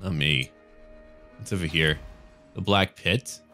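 An American man giving relaxed, jokey commentary over a strategy game as he plays, chatty and swearing casually. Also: low-pitched, slow, soft background music. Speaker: gaming let's-play host.

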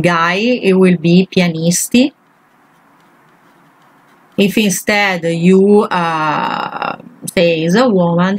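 The language teacher, whose voice is on the low side, patiently goes through grammar exercises example by example, explaining each step. Audio quality is poor.

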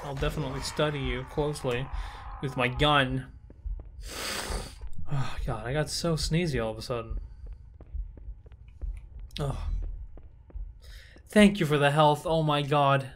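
A man's voice: mid-range voice, a little slow, long pauses, slight background noise. A young man commentating his blind playthrough of a shooter game, frustrated, swearing and taunting the enemies on screen. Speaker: gaming video host. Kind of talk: blind let's play commentary.

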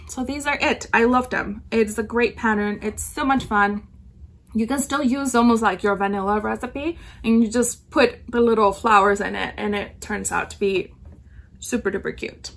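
A woman's voice: a little high, creaky, fairly bright tone. A woman hosting a knitting podcast, chatting casually in a rambling way, full of ums and self-corrections. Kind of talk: casual chat.

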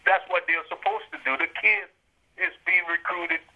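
A man's voice: high-pitched, steady tone, moderate pace, vocal fry, pushed and bright. An older man telling his story in an interview, emphatic and checking in with his listener. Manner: emphatic, acts out quoted people, checks in with "you got me?". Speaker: interviewee, retired college baseball coach. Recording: dull lo-fi interview recording.

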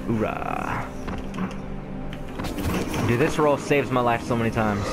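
A young man giving loud, profane gameplay commentary, often swearing and laughing as he plays. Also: mid-range voice, huge pitch swings, moderate pace, loud music behind the voice, low-quality recording. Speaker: gamer.

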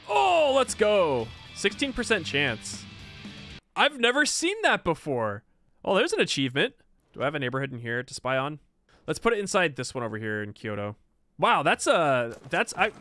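A man giving casual, excitable commentary while playing a video game, exclaiming and laughing at what happens. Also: mid-range voice.

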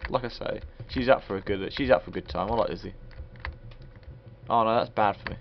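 A man's voice: lowish voice, quick pace, vocal fry. A man giving a crude, rambling, joking commentary while reviewing a video game. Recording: dull lo-fi recording.

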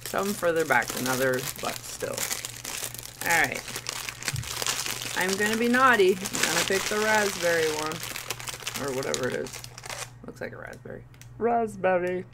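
A woman's voice: fairly low pitch, expressive, moderate pace, long pauses, background noise. Playful woman reviewing candy on camera. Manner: playful, goofy asides. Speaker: vlogger. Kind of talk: casual candy review vlog.

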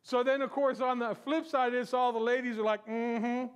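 High-pitched man preaching a sermon. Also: steady tone, brisk, clear, resonant tone. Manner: conversational preaching with rhetorical questions. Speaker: pastor. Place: church sanctuary.

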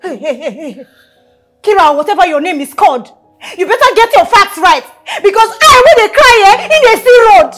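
A woman playing a proud, self-righteous young woman who mocks and shouts, in a film drama. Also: extremely high pitch, expressive, moderate pace. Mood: scornful. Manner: mocking, shouting, preachy. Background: music.

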